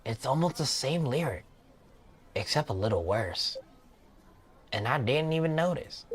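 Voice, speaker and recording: A man's voice: mid-range voice, lively intonation, unhurried, natural voice. A man voicing a weary male singer with creative block, using a put-on British accent and a glum, self-critical manner. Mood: gloomy. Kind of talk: game character voice-over.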